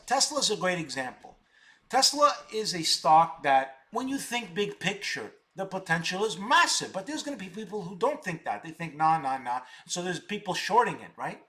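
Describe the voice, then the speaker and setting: A man's voice: sits high, fairly bright tone. A middle-aged man hosting a live stock-trading stream, boasting and combative, repeating words for emphasis.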